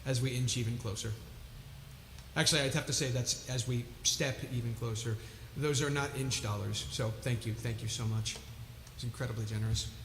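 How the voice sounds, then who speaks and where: A man's voice: medium pitch, steady tone, normal speed, fairly bright tone, roomy sound, in a large hall, slight background noise. A man hosting a live music stream, chatting casually between songs in a chatty, self-mocking way.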